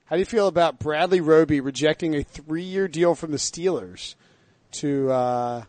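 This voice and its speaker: A man hosting a sports podcast, joking and tossing quick questions to his co-hosts. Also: on the high side, darkish tone, dry recording. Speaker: podcast host. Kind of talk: casual sports talk.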